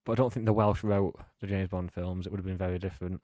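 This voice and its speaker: A man with a lowish voice tells wry anecdotes on a comedy podcast. He speaks close to a dry, intimate mic. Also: fairly even intonation, fast, a little mellow, dry recording. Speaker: podcast co-host. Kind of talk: casual comedic banter.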